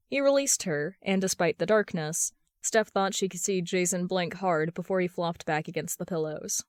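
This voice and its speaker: Low-voiced woman reading a story. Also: unhurried, dry recording, studio quality. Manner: steady storytelling. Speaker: podfic reader. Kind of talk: reading fan fiction aloud.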